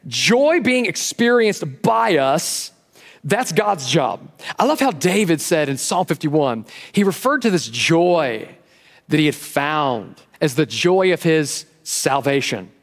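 Pastor, male, high voice, animated sermon delivery, long church reverb. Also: slow pace. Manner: lively and animated, acting out quotes. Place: church sanctuary.

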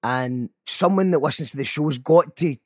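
Scottish male host, husky, slightly high, rambling and self-deprecating, jumps from announcer voice to mutters. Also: moderate pace, no room sound, studio quality. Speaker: radio show host. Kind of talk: casual solo podcast talk.

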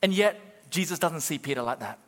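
A man's voice: on the high side, fairly quick, long reverb tail. A male pastor preaching a sermon, urging the congregation on and acting out quotes. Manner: animated, urging the crowd, acts out quotes.

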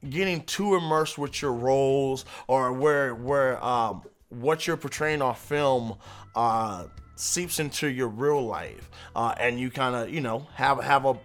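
A man hosting an interview, asking long rambling questions with many fillers and a playful, excitable manner. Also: medium pitch, slow, soft background music. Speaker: interview host. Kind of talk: casual interview chat.

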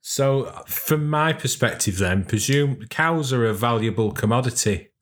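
A man's voice: medium pitch, lively intonation, unhurried. A man co-hosting a podcast in casual chat, asking dry, wry questions. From England. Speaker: podcast co-host.

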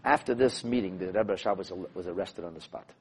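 A man who is a rabbi teaching a class, telling stories in an animated, emphatic way and repeating phrases to drive points home. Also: sits low, fast talker, slight background noise. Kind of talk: lecture with storytelling.

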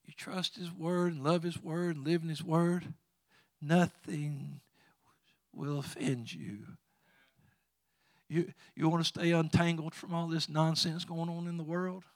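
A man's voice: a little high, steady tone, slow, long pauses, no room sound, clean studio sound. A man preaching a sermon, quoting scripture with rising fervor and chuckling asides. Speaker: pastor.

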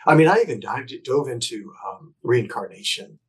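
A middle-aged man with a husky, slightly breathy voice tells his story as a podcast guest. He sits at an ordinary middle pitch, speaks earnestly and reflectively, often catches himself mid-sentence to restart, and drops into quiet, hushed phrases between emphatic bursts. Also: expressive, normal speed, rough recording. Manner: reflective, earnest, with frequent restarts and self-corrections. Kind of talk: candid conversational storytelling.

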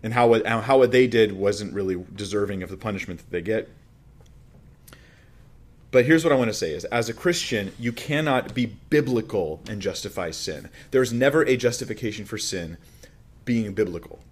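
A man delivers a sermon as a pastor with a fairly low voice. He teaches in a conversational, animated way and climbs higher in pitch when he presses a point, often restarting his sentences as he thinks aloud. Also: normal speed. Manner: conversational preaching with emphatic rises and restarts.

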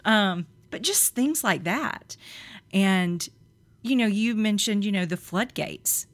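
Laughing, animated woman telling stories. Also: medium pitch, moderate pace. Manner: animated storyteller, laughs often, acts out quotes. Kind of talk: faith podcast conversation.

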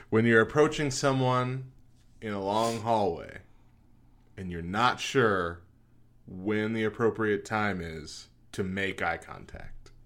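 Man, podcast co-host, lowish voice, bright tone, self-mocking, laughs a lot. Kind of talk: casual chat.

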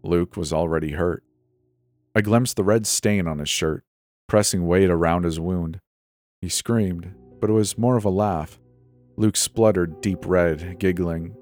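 Deep male horror narrator, measured and dramatic, soft music bed. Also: fairly even intonation. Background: faint music.

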